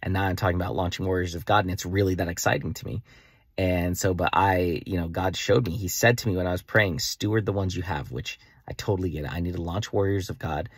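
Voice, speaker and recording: A young man talking excitedly in a rambling daily vlog about his faith coaching plans, full of "like" fillers. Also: sits low, fast talker, breathy edge, dry recording, clean studio sound. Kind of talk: enthusiastic daily vlog monologue.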